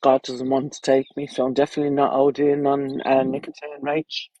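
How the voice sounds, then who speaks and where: A woman's voice: very deep voice, completely flat delivery, brisk, warm tone, dry recording, low-quality recording. An Irish woman with children, chatting bluntly and crudely on a casual livestream, rambling from topic to topic. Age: adult, with children.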